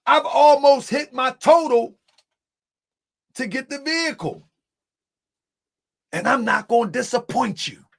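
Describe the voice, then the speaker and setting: A man's voice: very high-pitched, lively intonation, measured pace, vocal fry, long pauses. A man hosting an online show, talking casually to viewers he calls family and laughing often. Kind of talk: casual livestream talk.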